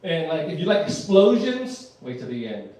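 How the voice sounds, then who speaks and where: A man's voice: on the high side, sing-song, normal speed, a little mellow. A man doing live stand-up comedy, rambling and laughing at his own jokes, in front of an audience. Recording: echoey room, mic far off.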